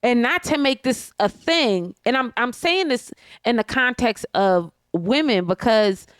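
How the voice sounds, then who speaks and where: A woman's slightly high voice comes across clear and resonant, animated but unhurried, as she co-hosts a podcast from her home couch. Her casual chat turns into blunt, profane, emphatic ranting, captured in studio quality with no echo.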